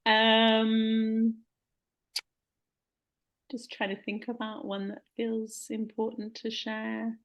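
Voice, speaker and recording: A woman's voice: a little high, monotone, very slow, long pauses, dull audio. A woman guest on a podcast, a poet who chats bashfully and laughs often. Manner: giggly, bashful. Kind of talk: casual interview chat.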